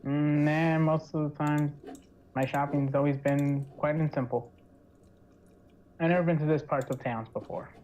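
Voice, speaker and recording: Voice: mid-range voice, steady tone, normal speed, long pauses, darkish tone, a little hiss or hum, natural voice, rough recording. Player voicing a polite, naive traveler. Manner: polite, formal address. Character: polite out-of-town male adventurer shopping for herbs. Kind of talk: tabletop role-play in character.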